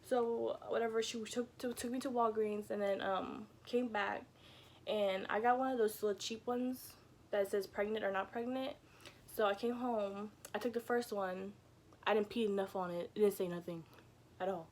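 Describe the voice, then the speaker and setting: A woman's voice: medium pitch, fairly even intonation, moderate pace, darkish tone, a little hiss or hum. A young woman vlogger telling a casual storytime from her bedroom, chatty and peppered with "like" and "you know," swearing freely. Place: home bedroom.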